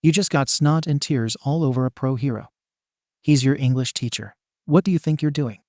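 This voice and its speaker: A young woman's harsh inner voice scolds scornfully, voiced by a man. The voice is pushed slightly higher than his own. The recording is dry and close. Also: moderate pace, darkish tone, dry recording, close to an everyday voice.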